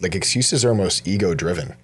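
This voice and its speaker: A man's voice: low voice, animated, fairly quick, slightly rough. A young man co-hosting a casual podcast chat, earnest and emotional, swearing freely. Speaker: podcast co-host.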